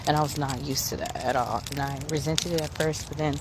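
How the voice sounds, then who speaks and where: A woman's voice: low-pitched, fairly even intonation, brisk. A woman in her thirties talking frankly and emphatically to camera while out on a morning walk, swearing freely. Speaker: vlogger. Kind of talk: casual rant to camera. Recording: noisy outdoor phone recording.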